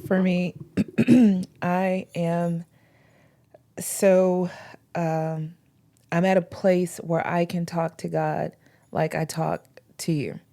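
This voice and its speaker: A woman's voice: lowish voice, level tone, drawn-out words, long pauses, mellow. A woman talking earnestly about faith in a casual podcast chat, with informal slang. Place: podcast recording.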